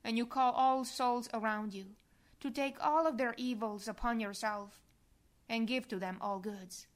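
Slow, soft-spoken woman reading a prayer. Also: fairly high pitch. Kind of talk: devotional meditation reading.

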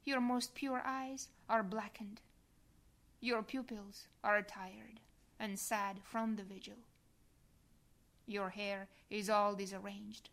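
Woman narrator for a devotional reading, unhurried and hushed, at times near a whisper. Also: medium pitch, fairly even intonation, gravelly. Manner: slow, soft, prayerful, sometimes whispered.

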